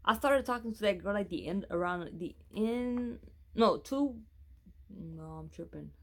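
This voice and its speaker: A man's voice: high voice, expressive, unhurried. A man telling a personal story in a casual, rambling way, correcting himself often and swearing freely.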